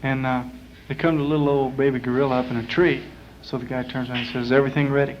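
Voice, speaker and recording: A man telling jokes on stage in a small lounge, in a rambling, folksy way with many pauses and uhs. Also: medium pitch, flat delivery, a little hiss or hum. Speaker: performer. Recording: muffled 1960s live club tape.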